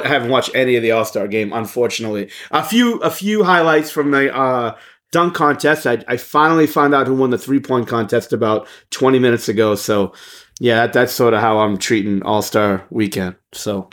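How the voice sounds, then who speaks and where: A man's voice: medium pitch, fairly quick, a bit bright. A man co-hosting a casual sports podcast, blunt and profane, thinking aloud with lots of fillers. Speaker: podcast co-host.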